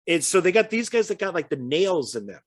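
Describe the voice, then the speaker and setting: A man's voice: high-pitched, sing-song, fairly quick. A man co-hosting a casual film chat, chatty and hesitant, often stumbling over his words. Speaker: co-host.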